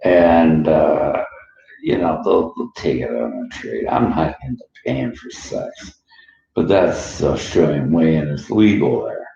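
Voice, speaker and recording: A man's voice: extremely low pitch, lively intonation, unhurried, creaky, dark tone, reverberant, lo-fi sound, a little hiss or hum. A middle-aged man from Canada rambling through personal stories in a loose monologue, laughing often and jumping between topics. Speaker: vlogger.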